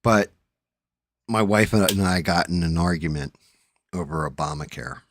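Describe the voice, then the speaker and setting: Profane storytelling man, low voice. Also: a little slow, background noise. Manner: profane, storytelling, animated when riled up. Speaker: podcast host. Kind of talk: casual chat.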